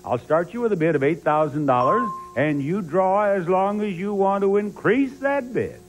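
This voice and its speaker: A man's voice: sits high, lively intonation, normal speed, soft background music. A man hosting a television game show, drawing out numbers and addressing the studio audience emphatically.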